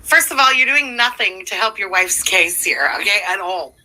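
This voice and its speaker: A woman's voice: mid-range voice, expressive, moderate pace, pushed and bright, poor audio. A woman hosting a livestream, reacting to clips with blunt, profane sarcasm. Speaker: livestream commentary host.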